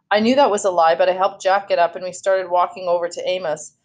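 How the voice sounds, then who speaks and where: A woman reading a children's novel aloud in a steady storytelling voice, now and then correcting herself. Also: lowish voice, fast, hardly any pauses. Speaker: read-aloud host.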